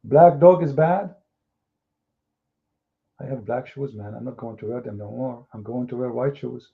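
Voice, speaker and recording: A man's voice: mid-range voice, moderate pace, gravelly. A man hosting an online debate room, talking in a mocking, scornful way. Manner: sarcastic and scornful, acting out others in quotes. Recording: tinny phone-like audio.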